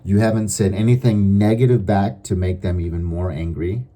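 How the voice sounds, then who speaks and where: A middle-aged man giving advice in a calm, measured, deliberate monologue. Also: low voice. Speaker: advice vlogger.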